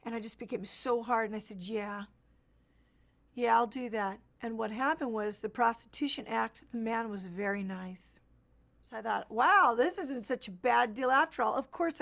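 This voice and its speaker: Creaky-voiced woman telling her story. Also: a little high. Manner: halting, with frequent restarts and fillers. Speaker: interviewee. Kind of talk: personal testimony.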